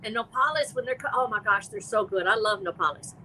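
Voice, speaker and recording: Bright-voiced woman chatting. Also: mid-range voice, fast, slight background noise, low-quality recording. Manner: rambling, animated, with restarts. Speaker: author guest on a live stream. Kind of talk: casual chat.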